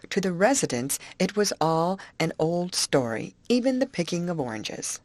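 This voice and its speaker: A woman reading an adventure audiobook with expressive storytelling. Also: on the low side, normal speed, no echo. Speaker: audiobook narrator.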